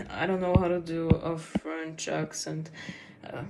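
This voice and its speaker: A woman's voice: low voice, steady tone, a little slow, hardly any pauses, very noisy. A woman streamer chatting casually while she draws, rambling and giggling with lots of fillers. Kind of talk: casual livestream chat while drawing.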